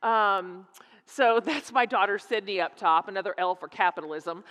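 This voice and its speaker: A middle-aged woman speaking as a guest speaker in a church, telling a humorous story in an animated, laughing, self-mocking way. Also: mid-range voice, normal speed. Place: church sanctuary. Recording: echoey hall.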